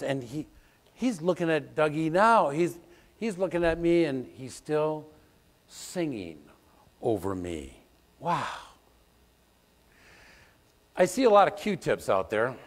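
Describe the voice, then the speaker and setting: Older preacher in a reverberant hall. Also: male voice, medium pitch. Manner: storytelling, animated, bursts into loud sung song snippets. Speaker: pastor. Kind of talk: sermon. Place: church sanctuary. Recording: long church hall reverb.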